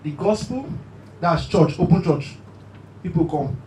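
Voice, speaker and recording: Male stand-up, animated storyteller, very lively pitch, recorded in a roomy venue. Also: measured pace. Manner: animated, shouty storytelling with bursts of preaching. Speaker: stand-up comedian. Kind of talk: stand-up comedy set. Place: live comedy stage. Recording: echoey hall, mic at a distance, faint room noise.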